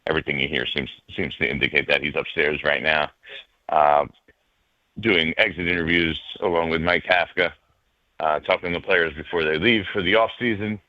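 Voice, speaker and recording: A man's voice: rumbling low, no room sound. A man speaking as a sports reporter guest on a radio show, joking and hesitant with lots of fillers, over a remote line. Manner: hesitant, ribbing, filler-heavy. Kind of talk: casual radio interview. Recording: dull dry remote line.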